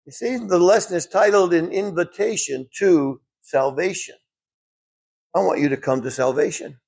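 A man preaching a sermon, rising emphatically when quoting scripture and dropping low for asides. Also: moderate pace, slightly rough.

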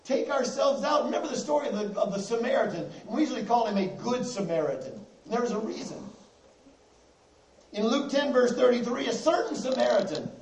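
A man's voice: very high voice, vocal fry, a little mellow, slight background noise. Male preacher at the pulpit, caught from a distance in a reverberant sanctuary, leaning on repetition. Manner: repeats key phrases, slows down for emphasis. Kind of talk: sermon. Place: church sanctuary with congregation. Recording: echoey, distant room mic.

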